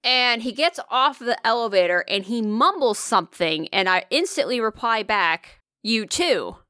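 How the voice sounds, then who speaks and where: Woman podcast co-host, bright and punchy delivery, casual and profane, dry close mic. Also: fairly high pitch, clean tone, no echo. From Northern Virginia area. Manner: animated, swears freely, quick tangents. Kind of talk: casual chat.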